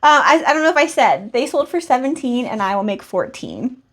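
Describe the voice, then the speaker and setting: Young woman vlogger, slightly high voice; casual, chatty sales recap full of tangents. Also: very animated, a little fast. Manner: chatty, rambling asides, laughs at herself. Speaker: reseller vlogger.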